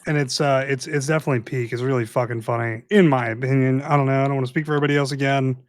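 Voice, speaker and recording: A man co-hosting a podcast in casual chat, animated and profane as he laughs about old episodes. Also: medium pitch, racing, no echo. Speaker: podcast co-host.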